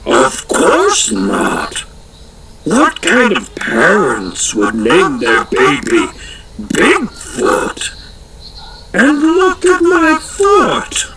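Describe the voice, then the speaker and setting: A man voicing a huge, hairy female forest creature who speaks in a deep, gravelly voice and grumbles slowly about being misquoted. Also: wildly swooping pitch, crowd noise, heavily acted, low-quality recording. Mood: grumbling. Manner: slow, grumbling and put-upon.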